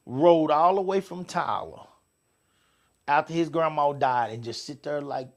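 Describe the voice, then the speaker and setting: A middle-aged man co-hosting a casual show, swearing freely and swinging between loud outbursts and quiet asides. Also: on the high side, measured pace. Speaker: podcast co-host. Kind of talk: casual chat with listeners.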